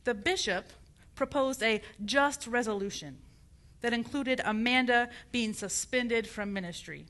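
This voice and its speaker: High, bright-voiced impassioned woman preacher. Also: unhurried. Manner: impassioned, rising to fervent outrage. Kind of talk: passionate sermon.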